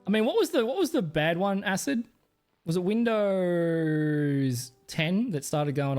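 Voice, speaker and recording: A man's voice: on the high side, expressive, fairly quick, soft background music. A man from Australia with an Australian accent, rambling crudely on a casual livestream and laughing often. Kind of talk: casual stream chat.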